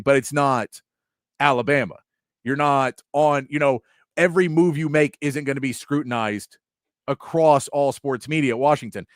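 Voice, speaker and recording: Animated sports radio host, dry studio sound. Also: male voice, fairly high pitch, no echo. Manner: animated, acts out quotes in mock voices. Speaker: sports talk show host. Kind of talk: casual sports talk.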